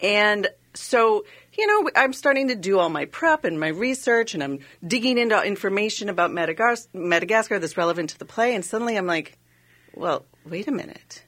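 Animated woman actor telling a story. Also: medium pitch, a little fast, few pauses. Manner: animated storyteller, restarts, acts out her own thoughts. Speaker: stage actor. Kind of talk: casual radio interview.

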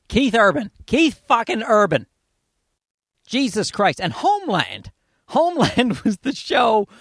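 A man's voice: high voice, gravelly, a bit bright, dry recording, studio quality. A man hosting a podcast, ranting in a profane, exasperated comic monologue. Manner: profane, exasperated ranting with mocking put-on voices. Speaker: podcast host.

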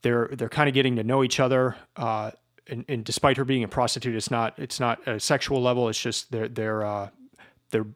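Hesitant male teacher discussing a novel. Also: mid-range voice. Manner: hesitant, repeats words, slow reflective. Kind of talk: informal book lecture.

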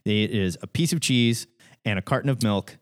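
A man's voice: on the low side, normal speed. A man hosting a casual comics call-in podcast, telling stories with lots of laughter. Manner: animated storyteller, laughs a lot. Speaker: podcast host. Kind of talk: casual chat.

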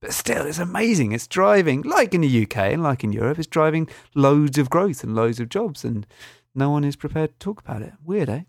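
A man's voice: on the high side, very animated, a little fast, gravelly. A man co-hosting a podcast in casual chat, with dry, wry remarks. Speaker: podcast co-host.

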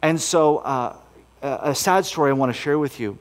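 A man's voice: a little high, moderate pace. A man speaking as a missionary at a camp meeting, telling a story in an earnest, folksy way with many fillers and restarts. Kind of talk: storytelling sermon talk. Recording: long hall reverb.

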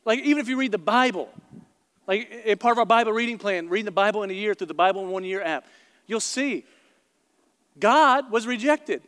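A man preaching a sermon to a congregation in a large church auditorium. He tells stories in an animated way and turns to the congregation with quick asides. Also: sits high. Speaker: pastor. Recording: long hall reverb in a large room.

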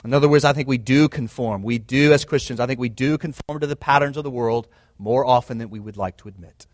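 A man's voice: mid-range voice, quick pace, dry recording. A man preaching a sermon in an earnest, emphatic way, often restating his points. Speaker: pastor.

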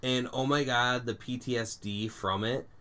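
A young man co-hosting a podcast, chatting casually and telling animated stories with puns. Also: mid-range voice, moderate pace. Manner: animated storyteller, puns, laughs at own jokes. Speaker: podcast co-host. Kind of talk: casual chat.

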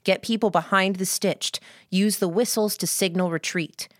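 A woman's voice: mid-range voice, steady tone, normal speed, no echo, clean studio sound, natural voice. A woman reading the part of a shrewd young male schemer in an audiobook, explaining a plan persuasively. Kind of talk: audiobook character voice.

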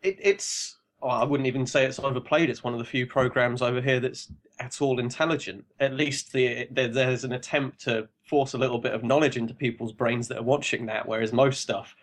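A man with an English accent, a podcast guest, talking in a relaxed, rambling way and laughing now and then as he talks. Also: mid-range voice, fairly quick, hardly any pauses. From England. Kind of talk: casual chat.

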